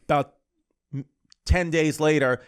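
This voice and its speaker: A man's voice: fairly high pitch, fairly even intonation, measured pace, smooth. A man on a podcast telling a long, crude personal story in casual chat, quoting everyone with 'he goes' and swearing bluntly.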